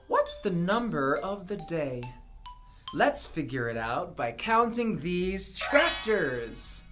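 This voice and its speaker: A woman slowly counting aloud and encouraging toddlers. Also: fairly low pitch, very animated, a bit bright, soft background music. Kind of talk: toddler teaching.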